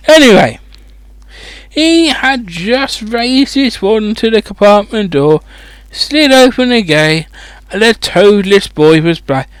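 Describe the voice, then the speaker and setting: A man's voice: high-pitched, smooth, dry recording. A man reading a children's fantasy book aloud as a comedic audiobook, breaking off into rambling, sweary, mocking asides. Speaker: audiobook reader.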